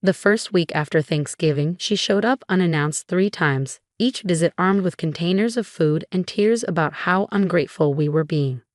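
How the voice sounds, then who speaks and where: A woman giving calm, measured scripted first-person story narration. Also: on the low side, no room sound, studio quality.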